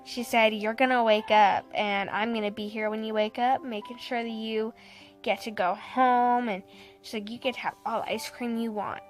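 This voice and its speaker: A young woman with a slightly high voice tells a story at a moderate pace in a loose, chatty vlog style. She's animated, laughs often, and acts out what people said to her, with soft music playing faintly underneath.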